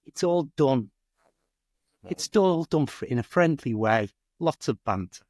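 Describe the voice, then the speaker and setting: A man's voice: mid-range voice, expressive, measured pace, darkish tone. A man with a Scouse accent explains his home city at an easy conversational pace. His voice sits in a middle register. The sound is close and dry, with no room echo. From Liverpool, England. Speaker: guest, English teacher. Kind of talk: casual chat.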